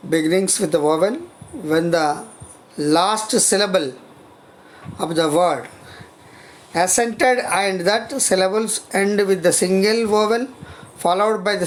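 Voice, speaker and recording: A lecturer teaches spelling rules at a very slow, deliberate pace. The delivery is halting, full of repeated phrases and restarts, with words spelled out letter by letter. Faint hiss sits behind the voice. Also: medium pitch. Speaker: college lecturer. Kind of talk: grammar lesson on spelling rules.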